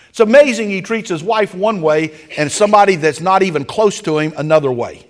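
A man preaching a sermon as a pastor, telling stories dramatically and with lively animation. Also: high-pitched, brisk, in a large hall.

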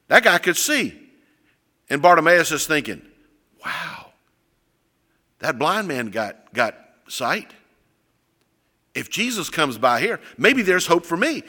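A man preaching a sermon, retelling stories animatedly, acting out voices and shouting. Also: fairly high pitch. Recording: long hall reverb.

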